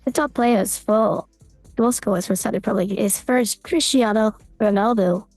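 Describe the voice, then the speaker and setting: A man's voice: high-pitched, moderate pace, a little mellow, no echo, soft background music, pitched above the performer's own voice. A man using a voice changer to play a playful, chatty young woman, giving casual podcast football commentary. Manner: jokey, teasing.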